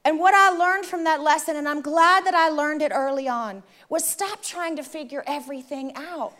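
A woman preaching, telling a personal story to the congregation in an animated, conversational way. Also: sits high, normal speed. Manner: animated, addresses the audience directly, conversational. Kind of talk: sermon storytelling.

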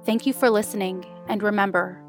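Soft-spoken woman reading fan fiction. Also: medium pitch, steady tone, a little fast, music in the background. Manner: soft, intimate storytelling. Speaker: podcast narrator.

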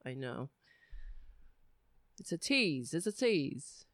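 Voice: mid-range voice, lively intonation, slow pace, long pauses, sharp tone, no echo, studio quality. A host of a political commentary livestream, reacting to a clip in a rambling, profane and mocking way.

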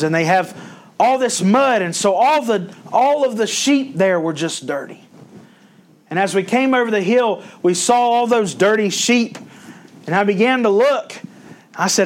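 A male pastor preaching a sermon, folksy and storytelling, rising in emphasis when he quotes scripture. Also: sits high.

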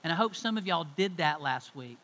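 Middle-aged preacher guy, chatty emphatic sermon, kinda high bright voice. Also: expressive, brisk, poor audio. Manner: emphatic, conversational storytelling. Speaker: pastor.

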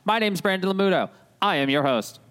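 A man's voice: high-pitched, lively intonation, brisk, a bit bright, smooth. A man hosting a casual podcast, joking and rambling in a self-deprecating way. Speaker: podcast host.

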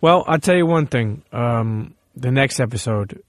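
A man hosting a podcast in casual chat, animated and swearing, often saying "listen.". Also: medium pitch, unhurried, dry recording. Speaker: podcast host.

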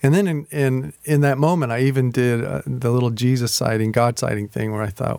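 A man preaching as a pastor, telling a personal story in a slow, reflective way and reading scripture aloud slowly. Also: mid-range voice, steady tone, gravelly, darkish tone, clean tone, no room sound. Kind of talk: sermon.

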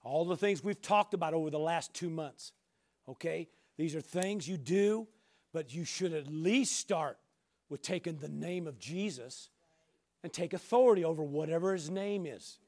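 A man preaching a sermon as pastor, emphatic, with repeated rhetorical questions that build up to shouting. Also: on the high side, normal speed.

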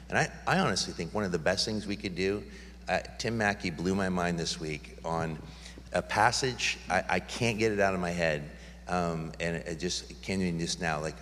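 Deep-voiced pastor in echoing hall. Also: male voice, a bit bright, a little hiss or hum. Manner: earnest, rambling with restarts. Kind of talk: church Q&A talk. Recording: long hall reverb.

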